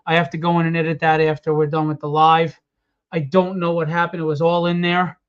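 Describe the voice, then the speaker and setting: A weary man with a high voice talks through his comic book campaign live, full of ums and uhs. He sounds fed up and annoyed as he goes. The stream audio is muffled and lo-fi. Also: flat delivery, a little fast, smooth. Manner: rambling, audibly frustrated and annoyed, with many fillers. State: tired. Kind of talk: casual live-stream walkthrough.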